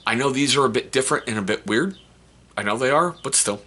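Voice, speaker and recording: A middle-aged man talks casually to his viewers in a rambling, self-mocking way, often restarting his sentences. His voice is bright and forward, with a husky edge. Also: medium pitch, expressive, fast talker. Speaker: vlogger, stepfather. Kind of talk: casual talk to camera.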